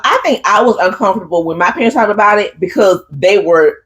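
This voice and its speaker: A woman's voice: medium pitch, lively intonation, fast talker. A woman co-hosting a casual chat, teasing and sassy, calling people honey. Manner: teasing, sassy, says honey and child a lot. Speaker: podcast co-host.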